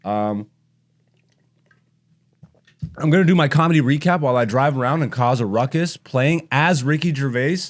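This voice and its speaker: A man's voice: medium pitch, normal speed, pauses often. Thirties guy, comedian podcaster, swearing a lot and ranting with strong opinions. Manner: blunt, profane, opinionated ranting. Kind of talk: casual ranting commentary while gaming.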